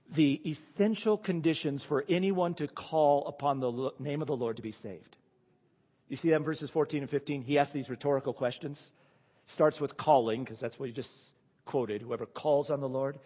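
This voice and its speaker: A man preaching a sermon and reading scripture aloud. He is emphatic and swings between loud declarations and hushed asides. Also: mid-range voice, in a large hall.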